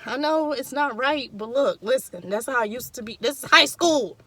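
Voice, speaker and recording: A woman's voice: high voice, expressive, moderate pace, a bit bright, breathy edge, no echo. Profane, emphatic young woman telling a story. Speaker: vlogger. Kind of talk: casual storytime.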